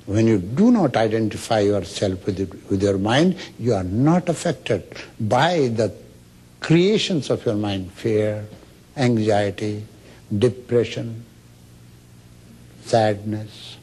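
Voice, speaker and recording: A man's voice: on the low side, slow, darkish tone, breathy edge. A man giving a lecture on meditation as a spiritual teacher, telling stories and acting out the quoted speech. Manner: storytelling, acts out quoted speech.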